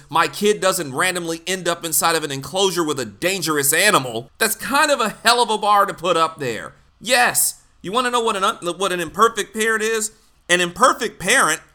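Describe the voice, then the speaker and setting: A man's voice: on the high side, sharp tone. A man delivering a blunt, exasperated, profane ranting commentary.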